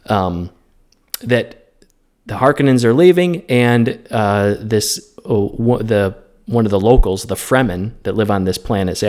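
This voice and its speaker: A man co-hosting a film podcast, giving opinionated, animated takes in casual chat. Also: on the low side. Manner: opinionated, animated film talk with quick asides. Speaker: podcast co-host.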